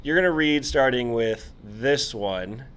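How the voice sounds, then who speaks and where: A man's voice: mid-range voice, a little slow, clean tone. A man co-hosting a casual podcast chat, walking through an old comic book with an incredulous, amused manner. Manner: animated, amused, incredulous storytelling. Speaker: podcast co-host.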